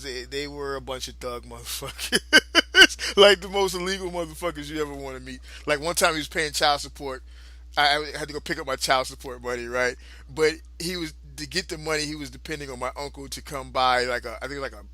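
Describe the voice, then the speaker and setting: A man's voice: medium pitch, fairly even intonation, fairly quick, sharp tone. A man, co-hosting a podcast and telling a long profane story with frequent laughter. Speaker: podcast co-host. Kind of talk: casual storytelling chat.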